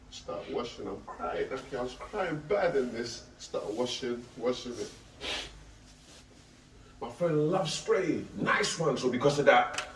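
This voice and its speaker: A man's voice: mid-range voice, slight background noise. A man tells an emotional street talk, intense and repetitive, pleading with listeners he calls Aki. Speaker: speaker recounting a friend's death. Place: outdoors on a street. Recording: echoey, distant, faint ambience.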